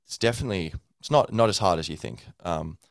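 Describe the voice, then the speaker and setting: A man's voice: deep voice, lively intonation, fast, gravelly, no room sound, clean studio sound. A man hosting a podcast, speaking in a loose, rambling monologue full of fillers and sounding tired from little sleep. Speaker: podcast host.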